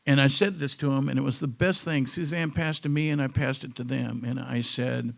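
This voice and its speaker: A man's voice: medium pitch, fairly even intonation, brisk, gravelly, few pauses. A man giving a personal testimonial to a live audience, in a conversational storytelling manner that wanders off on side notes. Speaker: cancer survivor giving a testimonial.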